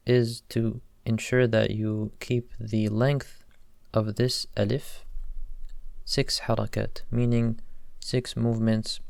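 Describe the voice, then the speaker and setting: A man teaching pronunciation slowly and carefully, repeating each sound to demonstrate it. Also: on the low side, vocal fry, a little mellow, dry recording. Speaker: recitation teacher. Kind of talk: instructional explanation.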